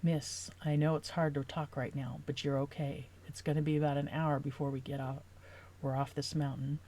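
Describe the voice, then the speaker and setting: A woman reading aloud, voicing a large, kind logging truck driver who speaks gently and reassuringly. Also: low-pitched, level tone, moderate pace.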